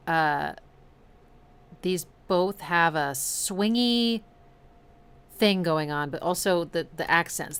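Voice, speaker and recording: A woman's voice: fairly low pitch, fairly bright tone, clear, resonant tone. A woman hosting a music livestream, analyzing songs in an enthusiastic, chatty way and scatting rhythms aloud. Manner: chatty with frequent fillers. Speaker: music reaction streamer.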